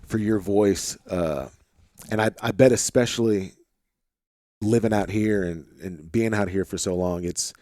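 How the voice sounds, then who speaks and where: A man with a light Arkansas twang hosting a podcast, chatting in a relaxed, rambling way with plenty of fillers, in a home office. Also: on the low side, unhurried, no room sound, clean studio sound. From St. Louis, Missouri. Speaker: podcast host. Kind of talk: casual conversation.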